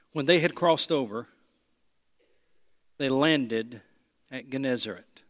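A man preaching a sermon, swinging between loud emphatic lines and hushed low ones, repeating phrases as he talks straight to the congregation. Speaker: pastor.

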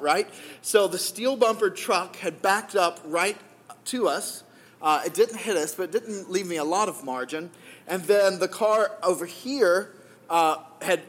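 A man telling a personal story in a sermon, in a conversational way that often checks in with the listeners. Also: high voice.

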